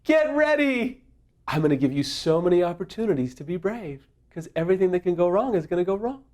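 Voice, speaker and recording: A man putting on a high, sneering voice of life, gleefully promising trouble. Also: sing-song, a little fast, a little mellow. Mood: taunting glee. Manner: mocking, sing-song. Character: taunting male voice of hostile life, gleeful.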